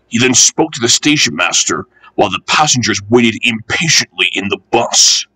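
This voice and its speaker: A man reading a children's railway storybook aloud, expressive and animated. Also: medium pitch, normal speed, hardly any pauses, slightly rough, no room sound, rough recording.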